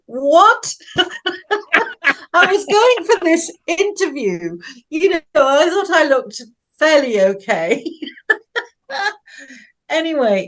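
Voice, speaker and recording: A woman of about seventy from Manchester, England, telling stories about her life as an interview guest in a chatty, rambling way, often breaking into laughter. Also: mid-range voice. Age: around 70. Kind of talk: personal storytelling.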